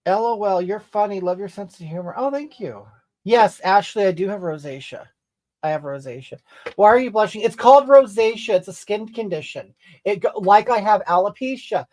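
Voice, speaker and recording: A woman's voice: medium pitch, lively intonation, normal speed, a little mellow, close to an everyday voice. A woman doing a sassy, touchy livestream lady. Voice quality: sassy, rambling, keeps snapping "okay?" and "honey". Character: brash, touchy middle-aged woman livestreamer. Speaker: livestream comedy character. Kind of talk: character livestream reading comments.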